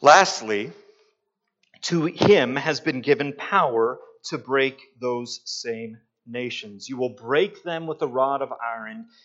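A man preaching a sermon, slow and emphatic, pausing to stress his points. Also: mid-range voice, fairly bright tone. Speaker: pastor. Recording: dull lo-fi sound.

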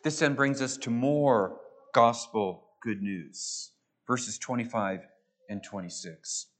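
A man's voice: mid-range voice, takes it slowly, a bit bright. A man preaching a sermon, emphatic, swelling and dropping his voice and repeating phrases for stress. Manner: emphatic, rising and falling for stress.

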